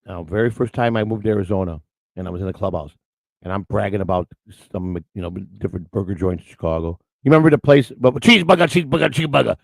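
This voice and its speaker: A man's voice: fairly low pitch, quick pace, gravelly, no room sound. An older man hosting a morning show, telling rambling stories with lots of restarts and acted-out quotes. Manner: rambling storyteller with many restarts. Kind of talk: casual rambling chat.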